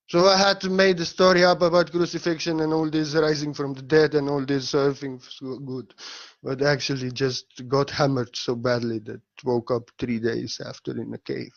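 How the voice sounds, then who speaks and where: Man, spiritual teacher, playful and laughing, loud bursts and soft murmurs, muffled recording. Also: medium pitch, level tone, normal speed, gravelly. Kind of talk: informal spiritual talk. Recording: slightly dull lo-fi audio.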